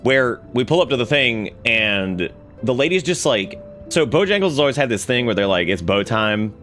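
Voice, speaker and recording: A man's voice: mid-range voice, expressive, normal speed, a bit bright, soft background music. A man streaming a video game, telling rambling, laughing stories with many restarts and asides. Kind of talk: casual gameplay commentary.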